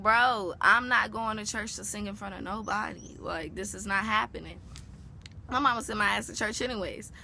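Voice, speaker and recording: A young woman vlogger telling a personal story in a casual, animated, heavily profane and slangy way. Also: on the high side, slight background noise.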